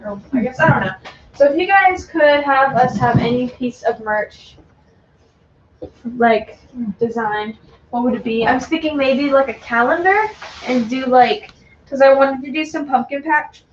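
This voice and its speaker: A woman's voice: sits high, unhurried, slight background noise. A young woman chatting casually with viewers and scolding a dog at home. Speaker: co-host of a dog channel. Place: home room. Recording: echoey dull room sound.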